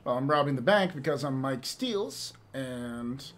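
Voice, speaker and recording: A man's voice: mid-range voice, lively intonation, measured pace, a bit bright. A man streaming and chatting casually with viewers, rambling and laughing often, with some swearing.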